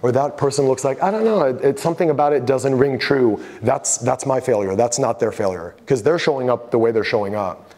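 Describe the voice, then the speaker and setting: Animated man telling a story, mid-pitch. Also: a little fast. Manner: animated storyteller, acts out quoted voices, swears freely. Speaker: photographer giving an artist talk. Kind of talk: casual storytelling talk.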